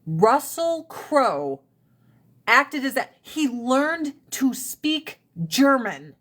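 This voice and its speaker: A woman's voice: high voice, sing-song, drawn-out words, fairly bright tone. A woman hosting a casual live stream, talking bluntly with plenty of profanity and ranting with rising emphasis. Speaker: livestream host. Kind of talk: casual livestream chat.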